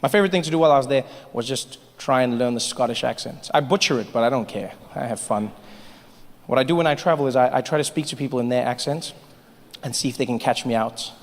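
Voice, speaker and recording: South African comic, reverberant live stage. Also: male voice, mid-range voice. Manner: storytelling with quick asides and mimicry. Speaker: stand-up comedian. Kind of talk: stand-up routine. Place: theater stage. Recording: reverberant live theater recording, faint noise.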